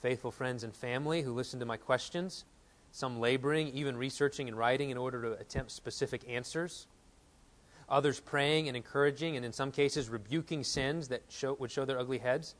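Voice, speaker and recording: A man in his thirties preaching a sermon, earnest and animated, reading quotes aloud and telling stories from home. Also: mid-range voice, brisk. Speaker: pastor.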